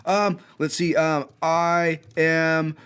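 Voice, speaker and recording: A young man hosting a coding school showcase, energetic and enthusiastic as he plays student games and pokes fun at himself. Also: a little high, extremely slow, clean tone. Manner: energetic, enthusiastic, self-mocking. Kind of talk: upbeat video showcase, playing student games. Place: indoor studio with green screen.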